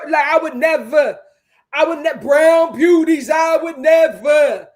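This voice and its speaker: A woman hosting a casual commentary show, reading viewer comments aloud with sassy, animated reactions and frequent laughter. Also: high voice, a little slow. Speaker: host.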